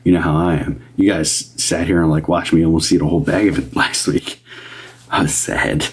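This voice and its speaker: Low-voiced man chatting on a livestream. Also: fairly even intonation, normal speed, husky. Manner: chatty, greets viewers in a higher upbeat voice; drops to a soft whisper at times. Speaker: medium doing live readings. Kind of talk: casual livestream chat.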